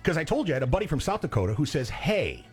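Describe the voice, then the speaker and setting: Male radio DJ, animated and chatty, faint music under. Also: fairly high pitch, racing. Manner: chatty, laughs often, mimics accents. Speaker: radio host. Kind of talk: casual on-air banter.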